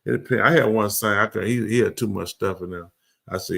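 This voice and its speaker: A man's voice: lowish voice, quick pace, vocal fry, a bit bright, husky. A man hosting a live comedy show, riffing loosely and acting out both sides of a conversation in slang for the audience. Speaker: comedic talk show host.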